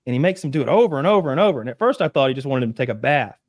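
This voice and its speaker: A man co-hosting a casual podcast chat, telling stories with animated bursts and acted-out quotes. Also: mid-range voice, very fast, dry recording, studio quality. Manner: animated storytelling, acts out quotes in loud bursts. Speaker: podcast co-host.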